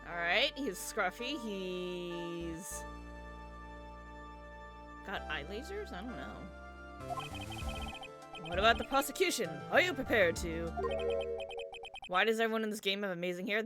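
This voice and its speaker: A young woman streaming a game, reading its lines aloud and chatting and thinking out loud as she goes. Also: lowish voice. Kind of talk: game playthrough, reading and commentary. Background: game music.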